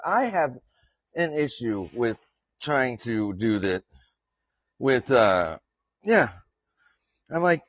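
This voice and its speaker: A man's voice: medium pitch, no room sound. Rambling, joking man on a dull mic. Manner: rambling, joking, swears casually. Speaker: podcast host. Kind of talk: casual live chat. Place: home desk with his dog nearby.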